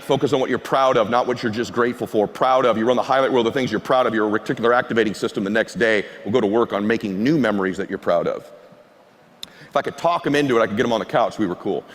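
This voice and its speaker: A man giving a motivational keynote speech on stage, telling a personal story with impassioned swings from hushed to shouting. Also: mid-range voice. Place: large conference hall. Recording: live hall with long reverb.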